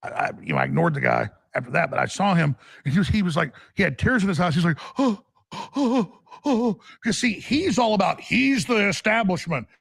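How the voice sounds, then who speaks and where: A man's voice: a little high, expressive, fast talker, vocal fry, few pauses, fairly bright tone, breathy edge, dry recording. A man hosting a radio talk show, telling a long story in a rambling, urgent way with many restarts.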